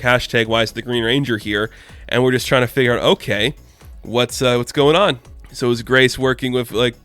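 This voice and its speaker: A man's voice: medium pitch, fairly bright tone, clear, resonant tone, dry recording. Chatty man reviewing comics, dry sound. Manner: chatty, loose, full of "like" and "you know". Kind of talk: casual review commentary.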